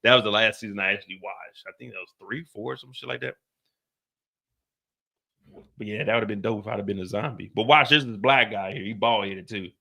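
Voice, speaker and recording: A man's voice: fairly low pitch, a little fast, gravelly, pushed and bright. A man hosting a casual live reaction stream, talking in loose, profane, slangy banter and laughing often.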